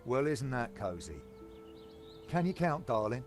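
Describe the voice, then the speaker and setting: A gruff heavy who sneers at every visitor and wants them gone. menacing and dismissive, for a game scene with music faintly underneath. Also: male voice, mid-range voice, big pitch swings, measured pace. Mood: hostile. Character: hostile London male minder, rude and territorial.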